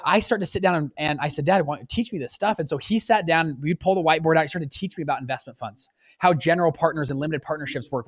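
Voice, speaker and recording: A man in his twenties, a guest on an interview podcast, telling his story in a lively, casual way and jumping up in pitch when he acts out quotes. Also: no room sound. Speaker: podcast guest, fund manager.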